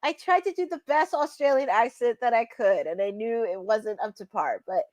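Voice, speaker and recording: A woman hosting a live watch-along, chatting excitably and laughing often as she reacts to the action. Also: on the high side, normal speed, no room sound, studio quality. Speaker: host.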